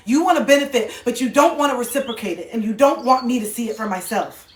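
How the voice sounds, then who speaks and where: A woman's voice: on the high side, fast talker, hardly any pauses, distant mic, slight background noise. A woman giving an impassioned livestream monologue into her phone, emphatic and swearing, repeating lines for effect. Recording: echoey room, voice set back from the phone.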